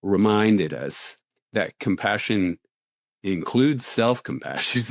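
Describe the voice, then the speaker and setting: A man co-hosting a podcast who speaks reflectively, searching for words and laughing softly. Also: lowish voice, lively intonation, slow pace, no echo, studio quality. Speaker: podcast co-host. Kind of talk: conversational podcast chat.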